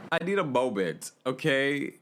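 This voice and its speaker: A man's voice: mid-range voice, sing-song, measured pace, fairly bright tone, a little hiss or hum. A man hosting a casual recap podcast, chatty and opinionated, reading comments from a live chat and often breaking into laughter. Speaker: podcast host.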